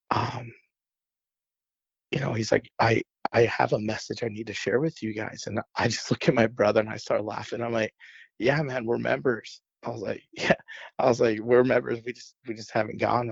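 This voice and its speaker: A young adult man sharing a personal testimony, retelling events in a lively way with quoted dialogue, on a dull, dry lo-fi recording. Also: fairly low pitch, gravelly, breathy edge, dry recording. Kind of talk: personal storytelling.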